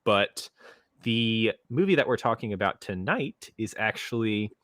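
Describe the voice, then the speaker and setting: Man, podcast host, casual chat, chatty and playful, lowish voice, dry close sound. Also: expressive, measured pace, fairly bright tone, dry recording. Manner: chatty, self-correcting, playful.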